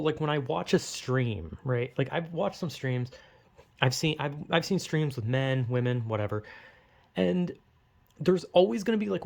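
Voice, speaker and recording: A man's voice: a little high, gravelly, a little mellow. A young man rambling in a casual, self-conscious monologue, swearing as he goes. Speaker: vlogger.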